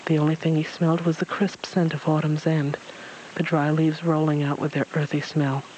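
A man reading a children's story aloud, steady with occasional slips. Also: fairly high pitch, normal speed, slight background noise, low-quality recording.

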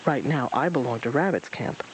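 A man's voice: medium pitch, animated, normal speed, a little hiss or hum, lightly acted, low-quality recording. A man voicing an eager, simple-minded male tiger who talks about himself by name, in a storybook reading.

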